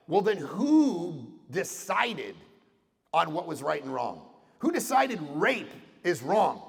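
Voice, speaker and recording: A middle-aged man from Canada giving an animated talk to an audience, acting out voices in his stories. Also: sits high, gravelly. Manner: animated storytelling with acted-out voices and jokes. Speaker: conference speaker. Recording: reverberant hall sound.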